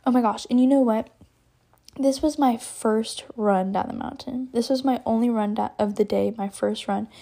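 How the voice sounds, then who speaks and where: A young woman from Texas telling a personal story on her podcast in a chatty, animated way, full of fillers and little laughs. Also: on the high side, normal speed, creaky. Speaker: podcast host. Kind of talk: casual storytelling.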